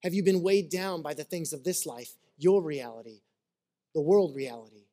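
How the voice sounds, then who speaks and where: A man's voice: fairly high pitch, normal speed, mellow. Earnest preaching man. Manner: earnest, conversational preaching with personal stories. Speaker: pastor. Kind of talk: sermon.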